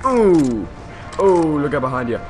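A young man giving casual commentary while playing a video game, full of excited little exclamations. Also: on the high side, a little slow. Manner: excitable, with lots of surprised exclamations. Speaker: gamer. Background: game music.

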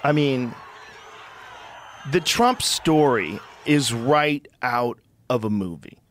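A man hosting a podcast, talking in an animated, profane, incredulous way in casual conversation. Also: medium pitch, slow, a little hiss or hum. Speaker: podcast host.

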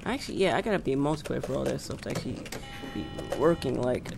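A man giving casual let's-play commentary, rambling and cursing as he talks to himself, with loud game sounds behind him. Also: mid-range voice, expressive, fast, gravelly. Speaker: gameplay commentator. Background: bus engine and traffic noise from the game.

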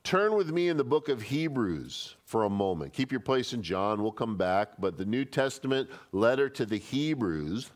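A man's voice: mid-range voice, sing-song, normal speed, hardly any pauses. A man, a pastor teaching a Bible study in a conversational, emphatic way. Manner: conversational and emphatic, acting out quoted speech.

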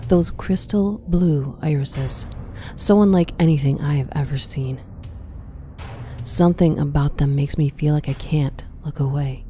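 A woman narrating a scripted horror story in a hushed, often whispery, tense way. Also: low-pitched.

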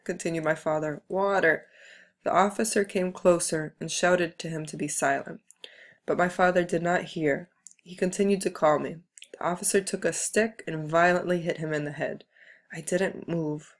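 Low-voiced woman reading a book aloud. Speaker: reader.

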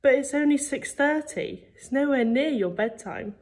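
A woman's voice: normal speed, darkish tone, close to an everyday voice. A woman reading a storybook aloud, voicing an exasperated mother nagging her son. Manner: pleading, raised and higher than the reader's own voice.

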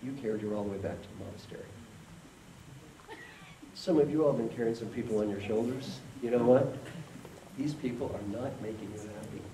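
A man's voice: mid-range voice, a little fast. A man giving a motivational keynote talk who leads the audience in call and response. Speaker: keynote speaker. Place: conference hall with an audience. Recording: echoey hall, distant mic, faint noise.

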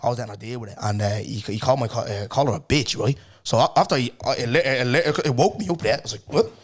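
A man's voice: medium pitch, fast. A young man hosting a podcast, telling stories in casual chat and acting out the people in them. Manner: animated, acts out other people's voices while telling stories. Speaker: podcast host.

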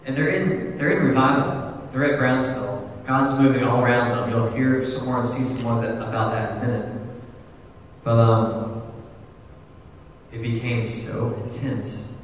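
Casual preacher in an echoey hall. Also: male voice, medium pitch, moderate pace, a little hiss or hum. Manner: animated, casual, full of "like" and asides. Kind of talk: storytelling sermon. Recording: echoey hall, far from the mic.

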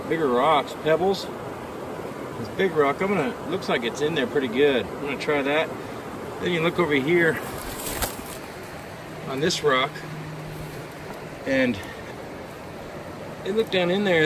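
A man's voice: a little high, measured pace, pauses often. A man talking casually while hiking and prospecting along a mountain creek, rambling and laid-back, a bit winded, recorded on a handheld camera outdoors. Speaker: prospecting vlogger. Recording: outdoor wind and creek noise. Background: flowing creek.

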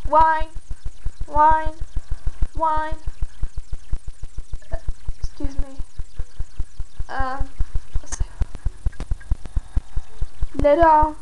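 A woman's voice: high voice, little pitch movement, very slow, pauses often, highs cut off, a little hiss or hum. A woman at home filming her dogs, repeating short commands and cooing praise at them. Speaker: dog owner filming her pets' tricks. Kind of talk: casual home video.

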